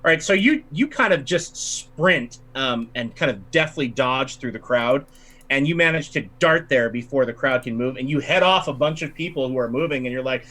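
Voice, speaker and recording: A man running a tabletop game as game master, narrating the action and slipping into quick voices for the crowd. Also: mid-range voice. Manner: animated, acts out crowd voices. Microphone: home mic on a livestream.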